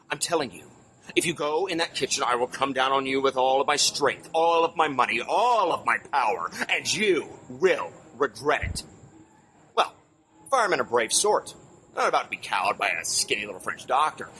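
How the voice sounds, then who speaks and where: A man's voice: fairly bright tone, a little hiss or hum, low-quality recording. Dramatic male ghost tour storyteller. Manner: dramatic, emphatic storytelling with swings in pitch. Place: outdoors on a city street.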